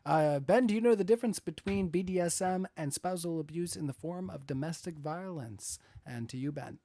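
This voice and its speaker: A man's voice: on the high side, moderate pace, dark tone, dry recording, studio quality. A man hosting a live-stream debate, reading viewer messages aloud and laughing often. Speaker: debate moderator reading donations. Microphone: close to the mic.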